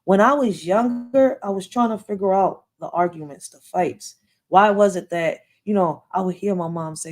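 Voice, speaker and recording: This woman livestreams a casual story time, speaking to her viewers at a normal pace in a medium-pitched, slightly mellow voice. She's blunt and streetwise, swearing freely and leaning on "yo" and "like" over and over.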